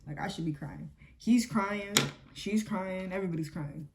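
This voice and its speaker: A young beauty vlogger chats through a story while getting ready, loading it with "like" and "um" and acting out quotes. Her voice is fairly low and fairly quick, and the recording is very noisy.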